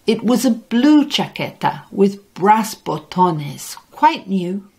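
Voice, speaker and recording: A woman narrating a children's storybook in a gentle, expressive read-aloud manner, dropping Spanish words into English sentences. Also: mid-range voice, slow pace, creaky, breathy edge. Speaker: audiobook narrator.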